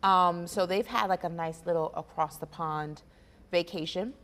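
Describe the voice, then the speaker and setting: A woman co-hosting a casual sports talk show, measured and analytical, teasing her co-host. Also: lowish voice, a bit bright.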